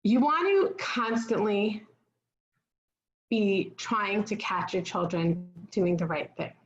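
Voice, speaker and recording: A woman's voice: mid-range voice, takes it slowly, roomy sound, muffled recording. A woman giving a parenting talk in an earnest, instructive way, often checking in with the listener. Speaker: parenting speaker.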